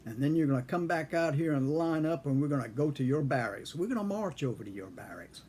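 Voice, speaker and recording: An older man playing a gruff, tough career drill sergeant who barks orders at new recruits. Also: on the high side, animated, fast talker, a little mellow, slight background noise, close to an everyday voice. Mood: commanding. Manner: barking orders.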